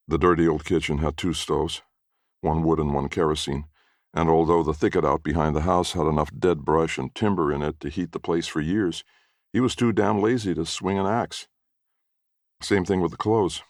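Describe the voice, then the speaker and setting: A man's voice: very deep voice, dry recording, studio quality. A man reading a short story aloud in a wry, folksy narrating voice. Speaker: story reader.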